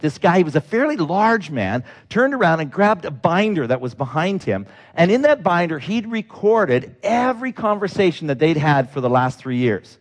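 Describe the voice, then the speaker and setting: Lively, animated male preacher. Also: a little high. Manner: animated, acts out quoted people, breaks into laughs. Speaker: pastor. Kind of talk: sermon storytelling.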